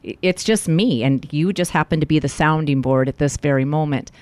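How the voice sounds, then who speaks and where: A woman's voice: low voice, a little fast, no echo. A middle-aged woman, a life coach, telling a personal story in an interview and acting out the lines of the people in it. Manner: animated storyteller, acts out quoted lines.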